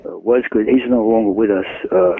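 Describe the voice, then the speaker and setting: A man's voice: fairly low pitch, fairly quick, husky, no echo. An older man, a poet from New York, telling anecdotes in a casual interview, chuckling as he goes. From Queens, New York. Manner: chuckling anecdotal storyteller, acts out quoted voices. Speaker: poet and author, interview guest. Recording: dry, phone-like line.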